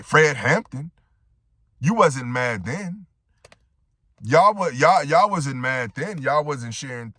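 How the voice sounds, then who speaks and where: A man talks through a reaction commentary, building rhetorical points and checking in with a repeated "right?". His pace is slow and deliberate while his pitch moves up and down freely. The sound is dry and close, with little room around it. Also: sharp tone, dry recording.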